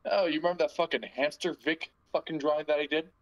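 A man's voice: a little high, fairly even intonation, fast talker, muffled recording. A man hosting a podcast, rambling and joking crudely in casual banter. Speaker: podcast host.

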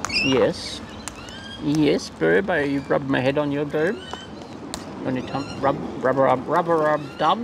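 A man who runs a bird-feeding channel, chatting casually and playfully to wild birds in a high, sing-song baby-talk voice. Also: a little slow, gravelly. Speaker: bird feeder and channel host. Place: outdoors with wild cockatoos. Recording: noisy outdoor recording.

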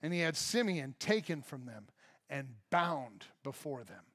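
A man's voice: mid-range voice, big pitch swings, measured pace, a bit bright. A man with an American accent preaching a sermon to a church congregation, reading scripture and adding humorous asides for his listeners. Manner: reads scripture aloud and acts out reactions with humor; addresses the congregation directly. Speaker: pastor.

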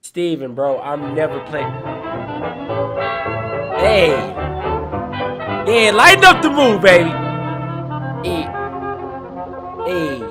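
Scared young man, high lively voice. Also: slow, long pauses, loud music behind the voice. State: scared, near tears. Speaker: gamer reacting on stream. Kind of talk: frightened live gameplay reaction.

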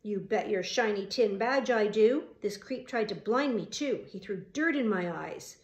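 A woman reading the part of a gruff, angry male construction foreman in an audiobook, loud and blustering. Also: mid-range voice, lively intonation, a little slow, roomy sound.

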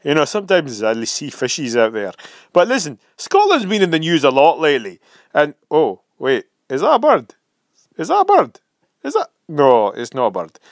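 A man voicing a chatty, easily distracted male cat with a Scottish accent, talking loudly and excitedly. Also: on the high side, normal speed, no echo, studio quality. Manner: loud, excitable, keeps getting distracted.

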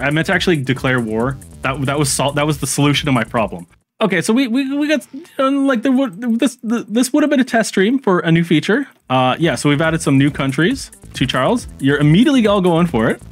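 A man casually commenting on his strategy game stream, chatting with viewers and reacting as he goes, with frequent fillers and restarts. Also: a little high.

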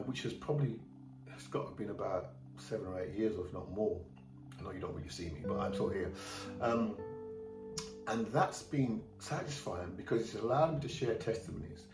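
A middle-aged man from England giving a candid, plain-spoken personal testimony in a church. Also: medium pitch. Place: church hall. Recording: roomy church hall from a distant mic, faint music.

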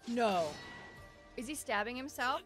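A woman streams from home as an anime reaction streamer, speaking at a measured pace over music. Her casual live commentary is highly expressive, full of exclamations and laughter, with the show's audio faint behind her.

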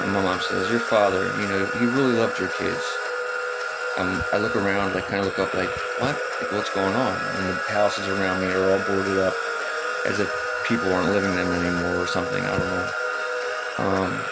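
A man's voice: low voice, creaky, rough recording. A man in his thirties, shaken and upset, rambling through a retelling of a dream with many ums and restarts. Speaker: vlogger recounting a dream. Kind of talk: casual spoken storytelling.

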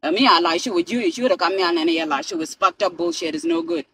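A woman's voice: lowish voice, fast talker, a bit bright, a little hiss or hum, rough recording. A South Sudanese woman in a car, ranting and swearing into her phone camera, switching between languages. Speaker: vlogger. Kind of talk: profane ranting vlog.

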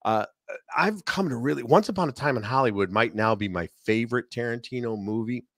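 A man's voice: medium pitch, a little fast, no echo. Chicago-accented middle-aged man, dry close sound. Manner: chatty, animated storytelling with many asides. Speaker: guest film critic. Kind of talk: casual podcast conversation.

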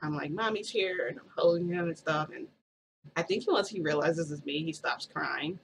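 A woman's voice: low voice, moderate pace, vocal fry, slight background noise, low-quality recording. A woman vlogger telling a story in a rambling, casual way, full of "like" and restarts.

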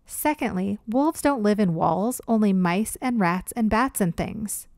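Loud smug kid brother, know-it-all, dry sound, woman doing him. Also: medium pitch, lively intonation, measured pace, dry recording. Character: boastful young boy, teasing older brother.

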